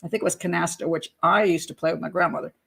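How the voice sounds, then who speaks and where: A woman's voice: lowish voice, steady tone, rapid-fire, vocal fry, fairly bright tone, breathy edge. An older woman, a criminal profiler, giving chatty, blunt true crime commentary with sarcastic asides.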